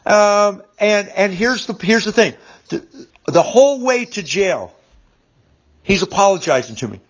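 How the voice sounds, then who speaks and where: A man's voice: high-pitched, expressive, a little slow. Rambling fifty-something man, dull lo-fi sound. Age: 50s. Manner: rambling, repeats words, frequent fillers. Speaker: business speaker. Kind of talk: casual storytelling monologue. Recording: dull lo-fi recording.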